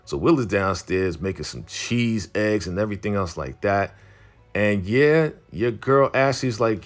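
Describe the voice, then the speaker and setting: Deep male recap host, casual and rambling, soft music bed underneath. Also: expressive, unhurried. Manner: loose and chatty, full of "you know" and "like". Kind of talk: casual episode recap, retelling scenes with quoted lines.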